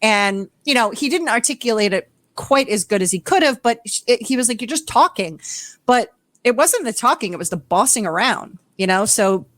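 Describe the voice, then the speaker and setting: A woman's voice: on the high side, lively intonation, brisk, fairly bright tone, dry recording. A woman co-hosting a podcast, recapping a reality show in casual chat with blunt, exasperated swearing. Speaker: podcast co-host.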